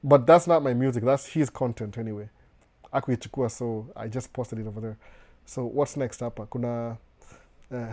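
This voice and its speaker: A man with a Kenyan accent softened by a slight American tinge hosts a live question-and-answer session, reading out viewer questions one by one. He answers in a relaxed, mellow voice, giving down-to-earth advice and often breaking off and restarting his words. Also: medium pitch, normal speed. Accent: Kenyan with a slight American touch. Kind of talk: live Q&A chat.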